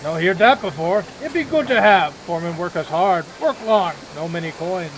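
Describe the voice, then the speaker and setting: A man's voice: high-pitched, animated, normal speed, a little hiss or hum, rough recording. A man voicing a downtrodden male orc factory laborer who talks in blunt, broken, clipped phrases. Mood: gruff.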